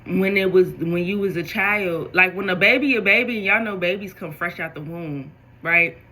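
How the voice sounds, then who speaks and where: A woman giving a spiritual tarot reading, talking straight to her viewers in an animated way. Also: on the low side, moderate pace, low-quality recording. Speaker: tarot reader.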